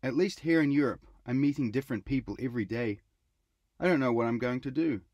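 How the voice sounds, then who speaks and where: Young anxious student, rapid worried ramble, a man reading him; keep it dry and close. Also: medium pitch, a little mellow, no room sound, muffled recording, close to an everyday voice. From Utah.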